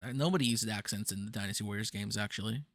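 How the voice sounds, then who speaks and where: A man with a fairly low voice talks rapid-fire, with no echo, as game master of a casual tabletop session zero. Relaxed and joking with his players, he also reads setting lore aloud.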